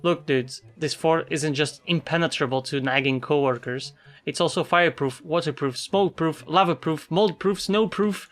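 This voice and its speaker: A woman's voice: deep voice, moderate pace, natural voice. A woman voicing game dialogue for a stubborn, paranoid male coworker who boasts about his cubicle fort. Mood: boastful. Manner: gruff, boastful, deadpan.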